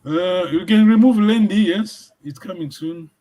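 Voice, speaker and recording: A man's voice: high-pitched, unhurried, dark tone. A man teaching a language lesson, encouraging his students and often checking that they follow.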